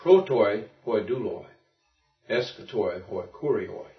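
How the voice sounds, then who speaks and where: A man's voice: fairly low pitch, expressive, moderate pace, faint music behind. Man teaching Greek, recorded from afar. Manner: thinks aloud with frequent restarts, explaining patiently. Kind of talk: informal classroom lesson. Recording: muffled and roomy, from far off.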